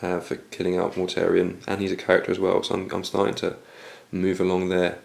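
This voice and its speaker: Very deep gravelly man, losing his voice. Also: a little fast. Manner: steady recap of dice results. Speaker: wargame player narrating his turn. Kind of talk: casual battle report commentary.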